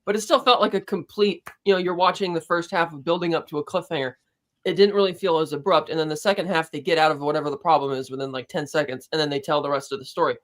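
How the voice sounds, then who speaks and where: A co-host on a casual online panel discussion, chatting quickly and retelling scenes with acted-out quotes. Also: mid-range voice, steady tone. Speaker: podcast co-host.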